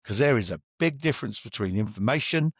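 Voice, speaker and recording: Gravelly blunt business coach. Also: male voice, medium pitch, expressive, brisk, no echo. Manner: blunt, chatty, acts out exchanges with clients. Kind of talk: podcast interview guest.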